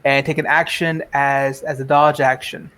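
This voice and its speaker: A man's voice: medium pitch, flat delivery, moderate pace, a bit bright. A man describing his character's actions in a tabletop game, hesitant and full of fillers. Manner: hesitant, many fillers and restarts. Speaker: player.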